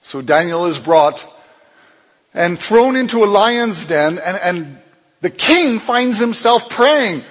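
Husky-voiced man preaching in a hall. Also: takes it slowly. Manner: animated storytelling, acts out dialogue with swings in pitch and loudness. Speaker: pastor. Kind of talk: sermon. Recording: long hall reverb.

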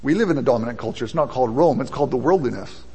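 Husky-voiced man preaching in a reverberant hall. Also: medium pitch, lively intonation, very fast, a little mellow. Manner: conversational preaching, rising in intensity. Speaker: pastor. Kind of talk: sermon.

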